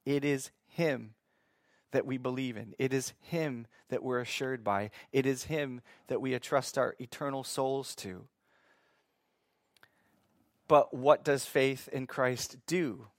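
A man's voice: medium pitch, steady tone, no echo. Dry-sounding man preaching a sermon. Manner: asks the listeners questions and answers them himself; reads scripture slowly and deliberately. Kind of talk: Bible teaching sermon.

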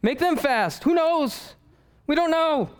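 Man doing a panicky king, high nervous voice, kinda helpless. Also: lively intonation, slow pace, full character voice. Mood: panicked. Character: panicked ancient king giving frantic orders.

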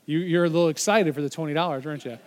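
A man gives a sermon from a church stage, talking to the congregation in an easy, conversational way. His voice sits fairly high for a man. He encourages people and jokes around with a volunteer in a playful tone. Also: rapid-fire. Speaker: pastor.

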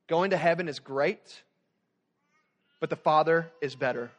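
A young man preaching a sermon as student pastor, animated, swinging from loud emphatic points to quiet soft passages. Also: fairly high pitch, unhurried.

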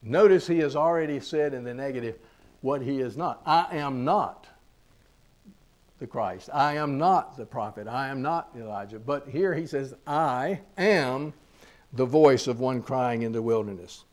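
A man preaching a sermon. He grows loud and slow when he reads scripture, drops quiet on asides, and repeats phrases for emphasis. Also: mid-range voice. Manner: slows on key lines, repeats phrases.

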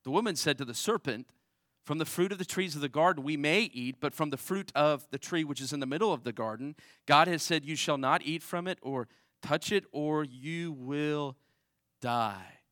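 A man preaching a sermon in a conversational way, often checking in with "right?", swinging between raised emphasis and quiet asides. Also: on the high side, moderate pace, no echo, studio quality. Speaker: pastor.

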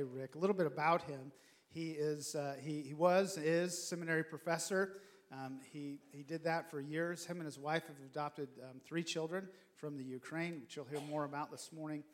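Earnest pastor introducing and praying. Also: male voice, a little high. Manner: warm, earnest, halting with many restarts. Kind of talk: sermon introduction and prayer. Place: church sanctuary.

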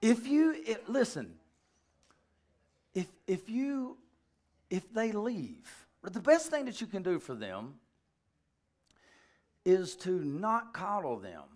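A male pastor preaching a sermon in an animated, joking way, with rambling asides. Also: high voice, slow, pauses often.

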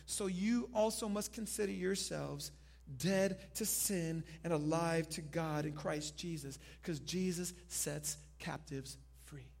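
High-voiced preacher, hushed to booming. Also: male voice, vocal fry. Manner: dynamic preaching, swinging from hushed to loud; leads congregation in call and response. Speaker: pastor. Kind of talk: sermon.

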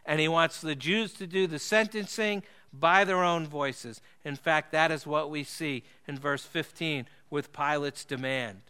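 A man preaching a sermon, earnest and emphatic, slowing and dropping his voice low to stress key phrases. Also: sharp tone, clear, resonant tone.

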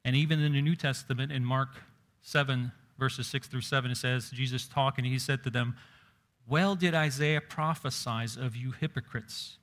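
A man's voice: medium pitch, fairly even intonation, normal speed, fairly bright tone. A man preaching a sermon in a conversational way, raising his voice when quoting scripture.

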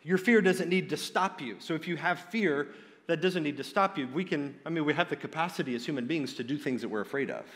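A man's voice: on the high side, expressive, brisk, a bit bright, in a large hall. A man preaching a sermon in an earnest, direct way, often restarting his phrases.

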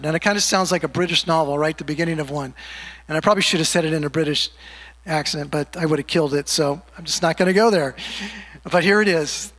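Pastor, male, high voice, conversational sermon with light jokes and slow scripture reading, church hall reverb. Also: a bit bright. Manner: joking, conversational, slows to read scripture. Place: church sanctuary.

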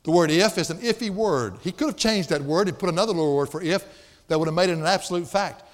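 A pastor preaching a sermon in a church sanctuary, emphatic and folksy, with playful asides. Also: male voice, high-pitched, fast. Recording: long hall reverb.

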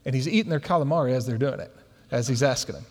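A man preaching a sermon and telling a funny story in an animated way. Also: medium pitch, fast talker. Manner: animated storyteller who laughs through his anecdotes. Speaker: pastor. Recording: long hall reverb.

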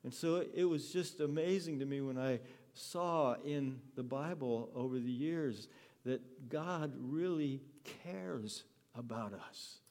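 A male pastor preaching in a church hall, pitched squarely in the middle range for a man. He talks earnestly and in storyteller fashion, easing into a soft, tender tone as he speaks. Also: slow pace. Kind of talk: sermon.

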